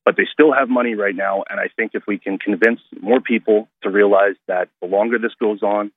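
A male radio caller talking in an earnest, halting way with many restarts, heard over a phone line. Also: lowish voice, steady tone, breathy edge, dry recording. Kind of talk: call-in radio talk.

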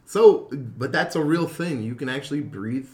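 A man's voice: medium pitch, normal speed, darkish tone. A man in casual chat, animatedly retelling a film plot with crude slang. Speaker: podcast co-host retelling a film. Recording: roomy echo.

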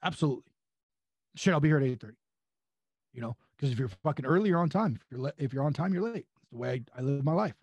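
A man from California spins long, profane anecdotes in casual podcast chat. His voice is gravelly and a bit husky. The sound is dry and close. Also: mid-range voice, quick pace, no echo, muffled recording. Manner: profane, rambling, animated anecdotes. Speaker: wrestling guest.

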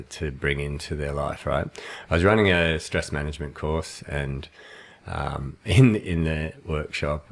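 A man with a croaky voice, casually explaining and telling stories on a podcast. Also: extremely low pitch. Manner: storytelling, animated when acting out quotes. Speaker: podcast co-host, trainer. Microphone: studio microphone.

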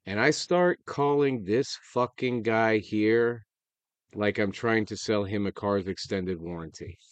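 A lower-pitched man with a drawl tells a rowdy, cussing story, acting out the voices in it. The sound is close and dry, with no room around it. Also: measured pace, smooth, no echo. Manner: profane, animated storyteller who acts out quotes. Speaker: podcast host. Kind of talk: casual storytelling chat.

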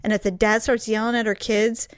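This podcast co-host, a woman with a fairly high, smooth voice, talks a little fast in a casual chat. She tells stories with lots of animation, acting out the quotes. It's a dry recording of studio quality.

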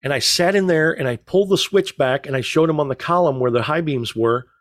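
A man's voice: fairly high pitch, a little fast, no echo. Rambling middle-aged man, dry close sound. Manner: rambling storyteller, joking deadpan. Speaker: podcast co-host. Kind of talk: casual chat.

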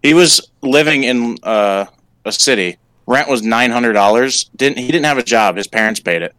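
A man's voice: mid-range voice, normal speed, sharp tone, no room sound, rough recording. A man who streams games, telling a grievance bluntly in casual chat with frequent swearing.

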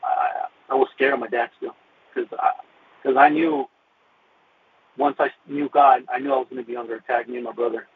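A man giving an earnest personal faith testimony, halting and full of fillers and restarts, over a tinny phone-like radio recording. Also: medium pitch, steady tone, a little hiss or hum. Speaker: guest telling his faith testimony.

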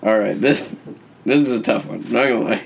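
A man's voice: lowish voice, a little fast, creaky, slight background noise. Wry man explaining game rules. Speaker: podcast co-host. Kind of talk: casual group chat.

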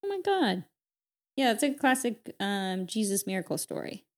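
A woman co-hosting a podcast, casually retelling a story with lots of "like" and quick character voices. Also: medium pitch, sing-song. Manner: chatty, peppered with "like", voices characters in quotes. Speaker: podcast co-host.

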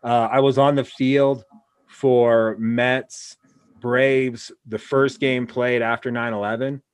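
A man's voice: mid-range voice, little pitch movement, slow, clear, resonant tone, no room sound. A man from Wyoming hosting a casual interview, telling rambling anecdotes full of restarts. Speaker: podcast host.

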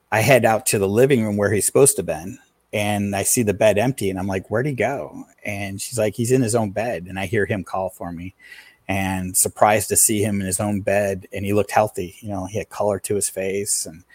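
A middle-aged man tells a personal story in an easygoing, halting way, stopping often on fillers and restarting his sentences. His voice sits a little low. The recording is close and dry, with almost no room sound. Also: dry recording. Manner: plain, unhurried storytelling with frequent fillers and restarts. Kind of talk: personal story told in casual conversation.

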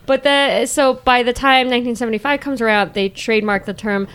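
A woman's voice: on the high side, fairly even intonation, fairly quick, fairly bright tone, clean tone. Chatty woman podcast co-host. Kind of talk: casual chat, telling history.

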